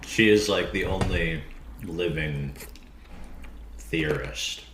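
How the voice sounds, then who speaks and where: Very deep-voiced man in an echoey room. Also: takes it slowly, a bit bright, a little hiss or hum. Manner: terse, short clipped remarks. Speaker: podcast guest. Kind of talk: casual podcast interview.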